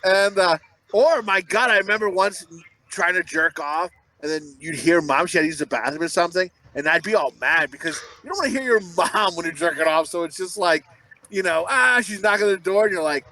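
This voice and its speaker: A man co-hosting a podcast, riffing crude jokes in rapid banter and acting out quoted voices. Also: sits high, pushed and bright, poor audio. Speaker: podcast co-host.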